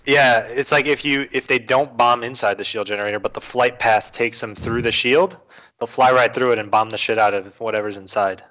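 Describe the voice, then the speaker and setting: A man's voice: medium pitch, fairly quick, muffled recording. Nostalgic man in casual gaming chat. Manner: nostalgic, animated, swears casually. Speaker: friend on the stream.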